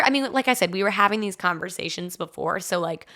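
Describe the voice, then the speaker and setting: A young woman hosts a solo podcast, telling personal stories in a chatty, confessional style full of "like" and laughing asides. She sounds congested, with a medium-pitched, lively voice, quick pace and sharp tone.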